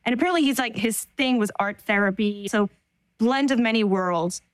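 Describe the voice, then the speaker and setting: A woman speaking as a guest in an interview, earnest and quick, with frequent "like" fillers. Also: fairly high pitch, lively intonation, no echo. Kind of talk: interview conversation.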